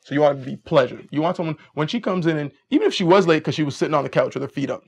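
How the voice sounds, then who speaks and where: A man's voice: on the high side, very fast, slightly rough. A man giving casual dating advice, telling stories and acting out both sides of conversations. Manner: animated storyteller, acts out both sides of conversations. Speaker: dating coach.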